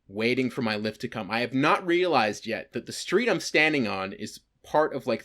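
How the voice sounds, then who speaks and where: A man's voice: medium pitch, fairly bright tone. Casual young man telling a story. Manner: rambling with lots of "like" and swearing. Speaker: podcast co-host.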